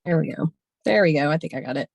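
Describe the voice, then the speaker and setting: A woman's voice: sits low, animated, fast, creaky, a little mellow. A woman on a video call telling a candid personal story in a chatty way, often laughing. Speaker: workshop participant.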